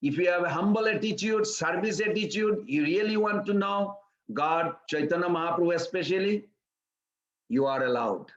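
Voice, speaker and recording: A man giving a storytelling sermon in simple, broken English. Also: normal speed. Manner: simple broken English, acts out quoted voices in a higher pitch. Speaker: preacher. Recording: echoey room, slightly dull sound.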